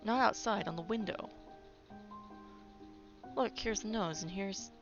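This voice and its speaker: A woman with a medium-pitched voice takes her time reading a video game's text aloud during a let's play. Playful, chatty asides interrupt the reading, and the dull recording carries game music.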